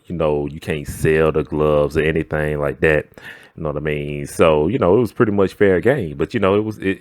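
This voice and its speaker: A man's voice: low-pitched, no room sound, studio quality. A man telling a workplace story in a slangy, chatty way, often checking in with the listener. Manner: slangy and chatty, often asking "know what I'm saying". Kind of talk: casual storytime.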